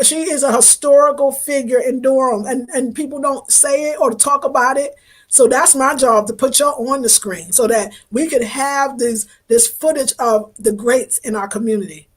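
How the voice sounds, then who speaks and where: Gushing, affectionate woman livestreamer. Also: a little high. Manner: effusive and affectionate, thanking viewers by name; emotional, voice wavering at times. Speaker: livestream host reading viewer comments. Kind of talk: casual livestream chat.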